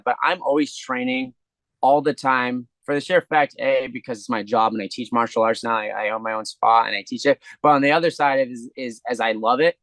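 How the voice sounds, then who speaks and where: A man's voice: medium pitch, a bit bright, no room sound. A man, a professional fighter, answering interview questions in a rambling, earnest way. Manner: rambling, earnest, restarts sentences. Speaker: interview guest, pro fighter.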